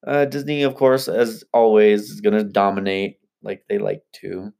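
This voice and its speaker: A man co-hosting a podcast, chatting casually and joking around with quick asides. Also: on the low side, level tone, vocal fry, a little mellow. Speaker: podcast co-host. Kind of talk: casual chat.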